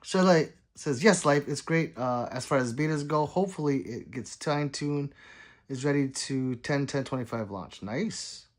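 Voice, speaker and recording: Speaking at a moderate pace in a mid-range voice, a man hosts a relaxed livestream for a gun channel. He reads out viewer comments in a rambling, apologetic manner, muttering to himself between them.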